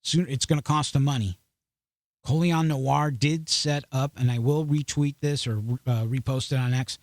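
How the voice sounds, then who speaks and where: A man's voice: mid-range voice, steady tone, moderate pace, dry recording. Blunt, sarcastic male podcast host. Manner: blunt and sarcastic, talks to viewers directly; loose, restarts often. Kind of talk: opinionated news commentary.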